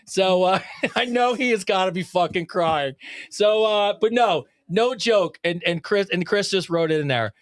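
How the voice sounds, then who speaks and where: A man with a notably high voice hosts a casual podcast, rambling excitedly and swearing freely. He often breaks into laughter between thoughts. The recording is dry and close, with no room sound. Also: unhurried, dry recording. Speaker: podcast co-host.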